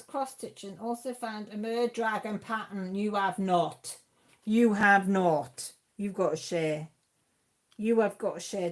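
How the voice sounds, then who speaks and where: Hosting a craft live stream at home, a woman with a medium-pitched, darkish voice reads the live chat aloud. She's chatty, exclaiming often and talking directly to her viewers.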